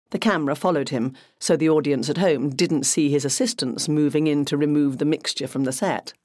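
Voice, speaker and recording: Audiobook narrator, mid pitch, measured and even, dry studio sound. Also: no echo.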